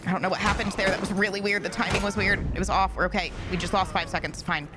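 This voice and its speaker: A speedrunner streaming a run, excitable and swearing, talking to themself and the chat. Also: mid-range voice, fast talker, music in the background. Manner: excitable, swears, talks to self. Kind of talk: live-streamed speedrun commentary.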